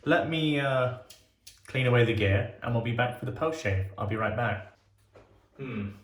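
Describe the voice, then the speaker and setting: Relaxed chatty man in an echoey room. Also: mid-range voice, moderate pace. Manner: relaxed, chatty, swears when enthusiastic. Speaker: shaving channel host. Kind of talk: casual shaving vlog talk. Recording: roomy, echoey sound.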